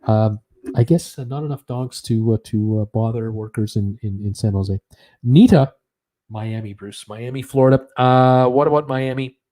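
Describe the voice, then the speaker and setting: Male host, mellow dark tone, chatty and filler-heavy, chuckles at his own jokes, casual livestream trivia. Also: mid-range voice, normal speed. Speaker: host of a live cruise news and trivia stream. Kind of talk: casual live-stream chat reading viewer comments.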